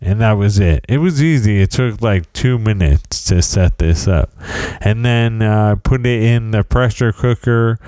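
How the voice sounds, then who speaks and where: A man's voice: lowish voice, unhurried, dark tone, smooth, no room sound. A middle-aged man hosting a podcast, telling rambling, self-deprecating stories in a casual solo monologue. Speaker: podcast host.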